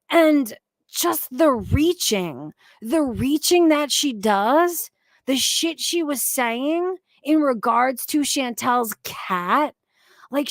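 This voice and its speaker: A woman's voice: fairly high pitch, no echo, clean studio sound. A woman hosting a casual livestream, talking in an emphatic, profane, rambling way about online drama. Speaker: livestream commentary host.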